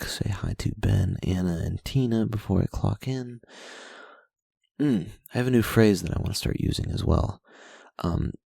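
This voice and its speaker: A man's voice: low-pitched, creaky, mellow, husky, no echo. A young man hosting his own show, giving a rambling, profane diary-style recap of his days into a close microphone, with lots of fillers. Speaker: show host.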